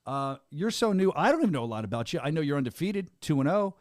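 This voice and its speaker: A man's voice: fairly high pitch, big pitch swings, quick pace, a little mellow, no echo, studio quality. A male podcast host and event announcer, chatting energetically in a rambling hype-man way as he interviews a guest. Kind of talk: casual interview chat.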